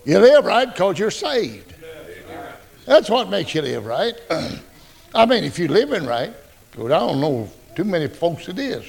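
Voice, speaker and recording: A male pastor preaching a folksy, joking, animated sermon. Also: sits high, unhurried, gravelly, pauses often.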